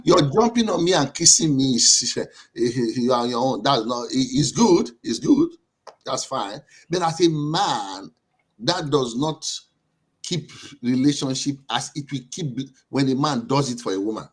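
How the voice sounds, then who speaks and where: Husky-voiced man telling his own story. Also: medium pitch, expressive. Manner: personal, storytelling, halting restarts. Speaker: panel guest. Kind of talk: panel discussion.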